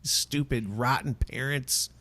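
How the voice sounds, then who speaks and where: A man's voice: medium pitch, slow pace, pushed and bright, dry recording. A man in his forties co-hosting a podcast, chatting in reactive, exasperated banter. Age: 40s. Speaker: podcast co-host. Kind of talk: casual chat.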